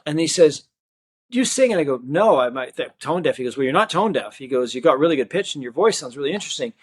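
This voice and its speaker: Animated man telling a story. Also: medium pitch, fast, slightly rough. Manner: animated storyteller acting out quoted dialogue. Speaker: magician and guest. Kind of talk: casual storytelling in an interview.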